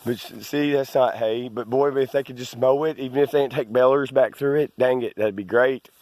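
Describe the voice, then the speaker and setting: A man's voice: mid-range voice, fairly even intonation, brisk, a little mellow, no echo. A man from Arkansas, filming himself as he walks his rural land, rambling through asides and restarts. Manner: meandering, with many restarts and asides. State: out of breath. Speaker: landowner vlogger. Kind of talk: rambling outdoor walk-and-talk.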